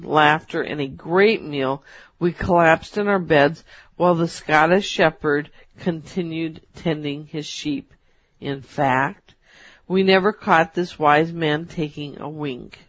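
A woman co-hosting a talk show, reading a personal story aloud in a measured storytelling manner. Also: low voice, no room sound. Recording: dull, dry.

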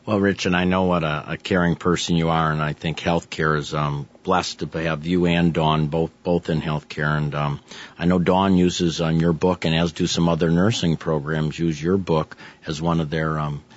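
A man hosting an interview and asking rambling, halting questions. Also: very deep voice, flat delivery. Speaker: interview host. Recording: dull lo-fi sound.

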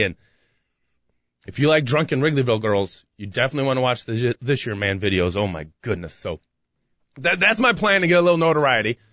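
A man, co-hosting a podcast in a rambling, excitable way, with many restarts and sudden loud bursts. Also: mid-range voice, no echo, highs cut off. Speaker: podcast co-host. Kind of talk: casual radio-style chat.

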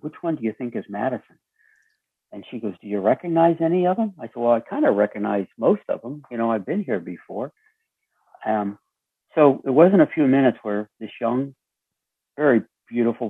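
A man with a raspy voice telling a story as an interview guest, acting out the dialogue with lively shifts. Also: mid-range voice, dry recording. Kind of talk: storytelling conversation. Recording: tinny phone line.

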